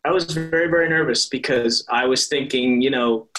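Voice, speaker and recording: A man's voice: mid-range voice, normal speed, fairly bright tone, poor audio. A young adult man, a guest actor on an interview, telling stories in a rambling way with many restarts and laughs. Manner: rambling, self-correcting, laughs often. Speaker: soap opera actor, guest. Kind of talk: casual interview chat.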